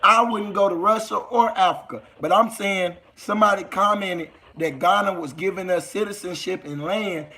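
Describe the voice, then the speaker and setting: A young Southern American man chatting on a casual livestream, his voice sitting high with a gravelly fry running through it. He rambles in loose street talk, calling out to his chat as he goes. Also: normal speed, few pauses, bright, forceful tone. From United States. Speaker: livestream host.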